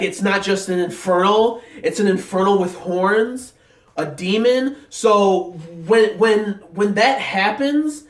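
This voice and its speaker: In this casual reaction vlog, a young man who reviews anime gushes about an episode, his voice sitting high as he stumbles over fillers and keeps restarting his sentences. The energy is excited and hyped, captured by a distant mic in an echoey room.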